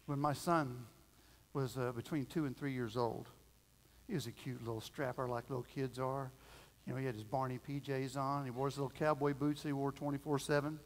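A middle-aged man preaching a sermon as pastor, telling a family story in a folksy, animated way and acting out the voices. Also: mid-range voice, fairly quick. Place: church sanctuary. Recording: long reverb of a church hall.

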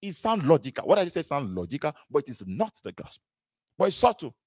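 A male preacher gives a fast-paced sermon full of animated, repeated emphasis and many rhetorical questions. His pitch swings widely as he drives home each point. The recording is dry, without any room echo.

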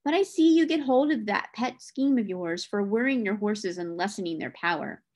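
A woman reading the lines of a stern, principled gentleman who reproves others over the cruel treatment of horses. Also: mid-range voice, animated, moderate pace, natural voice. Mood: earnest. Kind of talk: reading a novel aloud.

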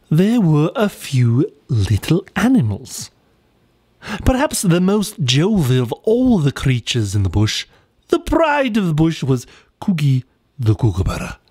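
A man's voice: medium pitch, wildly swooping pitch, takes it slowly, a little mellow, breathy edge, no echo. Playful man narrating a cartoon story. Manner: playful, whimsical.

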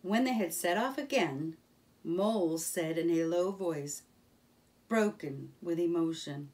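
Woman narrator for a children's book: expressive, slow and measured storytelling. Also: lowish voice. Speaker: storybook reader. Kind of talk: reading a children's book aloud.

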